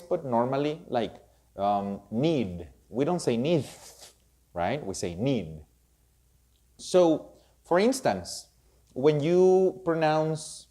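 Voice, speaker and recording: A man teaching English pronunciation in a slow, explanatory way, repeating example words with emphasis. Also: medium pitch, dark tone. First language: Spanish. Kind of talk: spoken lesson to camera.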